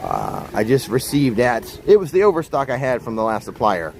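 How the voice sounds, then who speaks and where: A man's voice: mid-range voice, sing-song, moderate pace, darkish tone, low-quality recording. Chatty man live-streaming outdoors. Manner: rambling, chatty, talks straight to viewers. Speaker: vlogger live-streaming a park walk. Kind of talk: casual live-stream chat. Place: outdoors in a theme park, by a fountain. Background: wind and splashing water.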